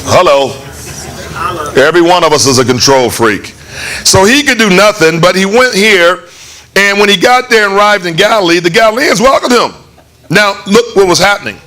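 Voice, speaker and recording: Animated high-voiced male preacher. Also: moderate pace. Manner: animated, conversational, acts out voices with laughs. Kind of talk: sermon. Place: church hall.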